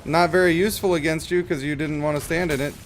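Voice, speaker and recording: A man's voice: on the high side, steady tone, fast, slight background noise. A man streaming a game, chatting casually and rambling in a wry, self-mocking way while reading chat.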